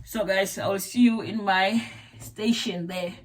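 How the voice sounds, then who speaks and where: A woman's voice: medium pitch, fairly even intonation, unhurried. A young South African woman with a South African accent, chatting casually to camera in a rambling way, repeating words and using lots of fillers. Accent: South African English. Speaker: vlogger.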